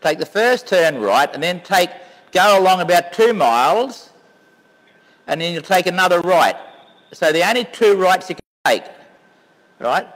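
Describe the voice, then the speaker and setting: An older man hosts a painting live stream, chatting in a loose, rambling way full of restarts. His voice sits fairly high for a man and swings up and down freely as he tells a story. The sound carries a long reverb tail. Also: very animated, measured pace, pauses often, fairly bright tone. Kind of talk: casual live-stream chat.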